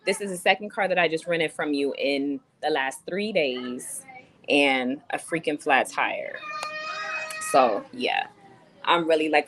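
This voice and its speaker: A woman's voice: sits low, fairly bright tone, a little hiss or hum, poor audio. A young adult woman venting in a casual livestream, chatty and swearing as she reads chat comments. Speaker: vlogger on a livestream.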